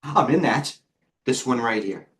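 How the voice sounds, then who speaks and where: A man's voice: mid-range voice, expressive, unhurried, a bit bright. A middle-aged man hosting a live trading stream, talking casually and rambling with jokes and muttered asides. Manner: rambling, joking, self-deprecating, mutters to himself. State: out of breath.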